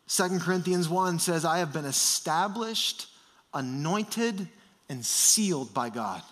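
A man preaching a sermon with passion, swinging between loud fervor and hushed intensity. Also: fairly high pitch, expressive, unhurried.

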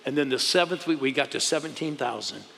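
A male pastor telling stories in an exclamatory, emphatic way, with loud outbursts to the crowd. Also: medium pitch, expressive, fast, creaky. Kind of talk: animated storytelling testimony. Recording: long hall reverb.

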